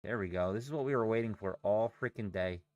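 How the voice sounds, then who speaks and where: A man's voice: on the low side, fast, a little mellow, no room sound, muffled recording. A young man chatting casually on a live trading stream, swearing and rambling as he reacts to chat and charts. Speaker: livestream day trader.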